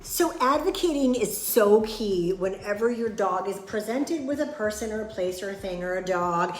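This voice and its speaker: A woman's voice: mid-range voice, animated, normal speed, echoey room, soft background music. A woman dog trainer giving earnest, plain-spoken advice and acting out sample replies. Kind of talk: instructional talk to camera.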